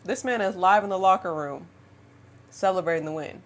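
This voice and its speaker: A woman in her twenties telling a dating story as a casual storytime vlog, chatty and animated, often laughing and calling her viewers y'all and girl. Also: lowish voice, moderate pace. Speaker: vlogger.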